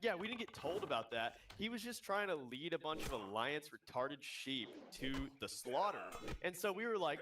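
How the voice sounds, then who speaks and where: A man talking as a guest in a casual voice-call chat, telling stories in a crude, profane, animated way. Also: a little high, normal speed, hardly any pauses, far from the mic, noisy background. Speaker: guild member guest.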